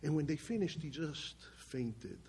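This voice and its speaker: An older man giving a spoken testimony from his family's past, emphatic and halting. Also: on the high side, sing-song, vocal fry, darkish tone, slight background noise. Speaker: storyteller.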